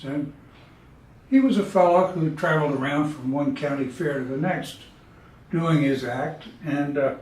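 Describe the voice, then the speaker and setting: A man, telling folksy jokes in a relaxed, drawling way. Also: on the high side, recorded from a distance. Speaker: storyteller. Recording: echoey room, speaker away from mic.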